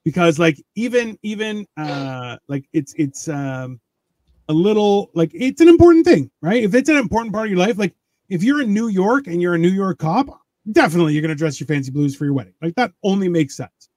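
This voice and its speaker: A man chatting casually on a podcast, rambling with halting restarts and crude jokes. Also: high voice, very animated, darkish tone, no room sound. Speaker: podcast guest. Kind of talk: casual chat.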